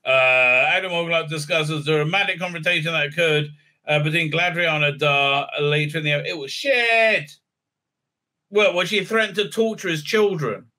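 A man's voice: fairly high pitch, normal speed, pushed and bright. A man giving a sarcastic, profane solo review rant, rambling with lots of fillers and restarts. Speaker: video reviewer.

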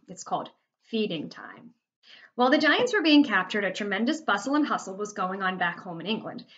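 A woman's voice: medium pitch, fairly bright tone, highs cut off. A woman teacher reading a children's novel aloud to her class, adding chatty asides and explaining words.

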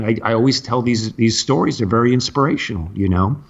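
A man's voice: mid-range voice, lively intonation, fairly quick, few pauses. Older male comic, casual storyteller, meandering delivery, slightly dull lo-fi audio. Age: 60s. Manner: rambling, anecdotal, acts out others' lines. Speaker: comedian guest.

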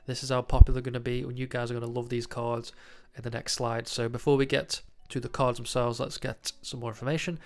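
A man's voice: mid-range voice, flat delivery, fast talker, few pauses, darkish tone. A man with a cold and a nasal voice, hosting a casual card-collecting news video and talking in a chatty way with many fillers. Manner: chatty, lots of ums and uhs. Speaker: trading card news host. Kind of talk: casual commentary to camera.

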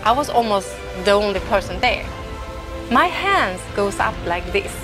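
A woman telling her personal faith story in an emotional, halting way, often restarting her sentences. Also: medium pitch, sing-song, over music. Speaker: testimony speaker.

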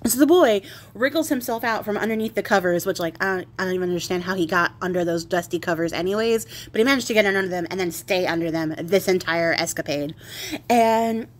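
A woman's voice: lowish voice, brisk. A woman casually retelling a fairy tale in a chatty, irreverent way with wry asides. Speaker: crafting channel host retelling a fairy tale. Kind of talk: casual storytelling.

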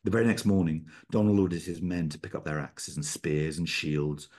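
Very deep, husky male storyteller. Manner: measured, steady storytelling. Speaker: author reading own work. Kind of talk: reading fiction aloud. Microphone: video call.

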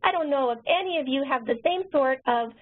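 Fast-talking woman presenting a webinar, high voice. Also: expressive. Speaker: nurse educator and author. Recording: tinny phone-line webinar audio.

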